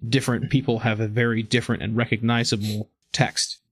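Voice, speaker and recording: A man's voice: mid-range voice, little pitch movement, a little fast, no echo. A man co-hosting a comic book podcast in casual chat, enthusiastic and rambling, often restarting his sentences. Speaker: podcast co-host.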